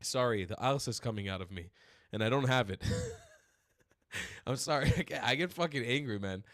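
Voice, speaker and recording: A man's voice: mid-range voice, huge pitch swings, normal speed, a bit bright, no echo, clean studio sound. A man hosting a political commentary stream, ranting in furious, profane outbursts. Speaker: streamer host.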